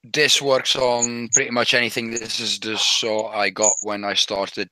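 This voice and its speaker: A man's voice: lowish voice, flat delivery, a little slow, sharp tone, low-quality recording. A man chatting as a guest on an online model-building call, joking and swearing casually. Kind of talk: casual group chat.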